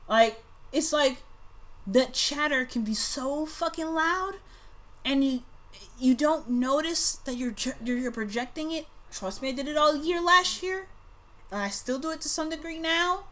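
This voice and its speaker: This tarot reader has a high-pitched voice and moderate pace as she gives her viewers a casual reading. She talks bluntly, curses freely, and veers between gentle musing and loud bursts.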